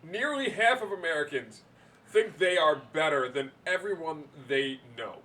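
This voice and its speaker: A man's voice: fairly high pitch, animated, moderate pace, pushed and bright, recorded from a distance. A man co-hosting a casual podcast, talking in a dry, dismissive, sarcastic way. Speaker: podcast co-host. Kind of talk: casual chat.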